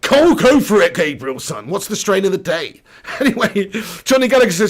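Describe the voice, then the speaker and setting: A man's voice: high-pitched, big pitch swings, brisk. Jokey man hosting a live watch-along. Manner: jokey, laughs a lot, swears.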